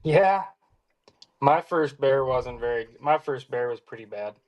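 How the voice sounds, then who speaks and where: A man telling a hunting story in a casual, lively way, acting out the lines he quotes. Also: medium pitch, measured pace, highs cut off. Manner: animated, acts out quoted lines. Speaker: hound hunter telling a story.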